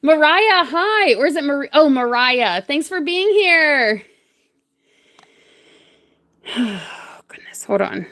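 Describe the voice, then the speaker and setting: Bubbly high-voiced woman. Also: lively intonation, a little slow, hardly any pauses, pushed and bright. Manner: bubbly, greets and thanks viewers; giggly. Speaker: livestream crafter. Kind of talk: casual livestream chat.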